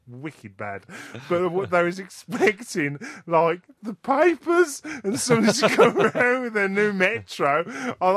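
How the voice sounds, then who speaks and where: A man hosts a local radio show, spinning animated stories and laughing often. His voice sits a little high for a man. The sound is dry, with no room echo. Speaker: radio host. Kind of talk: casual radio banter.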